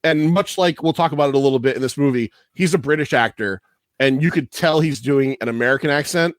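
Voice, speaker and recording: A man's voice: medium pitch, fast, dry recording, clean studio sound. A man hosting a podcast, talking casually and profanely, rambling through trivia and laughing often. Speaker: podcast host.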